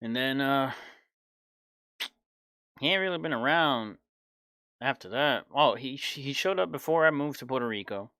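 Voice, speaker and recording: A man's voice: medium pitch, lively intonation, normal speed, pauses often, bright, forceful tone, no echo. A young man in his twenties telling a personal story in a casual, blunt, profane way. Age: 20s. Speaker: podcast host.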